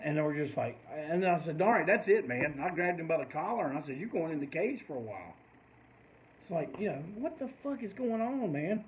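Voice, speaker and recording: A man's voice: high-pitched, low-quality recording. An older man, telling a long rambling story in casual talk and swearing freely. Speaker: host of a live stream.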